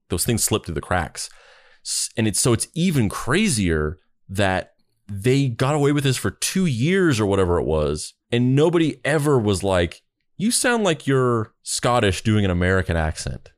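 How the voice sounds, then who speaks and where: Low-voiced, chatty male co-host. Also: no room sound, clean studio sound. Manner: thoughtful, chatty, laughs easily. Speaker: podcast co-host. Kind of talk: casual podcast chat.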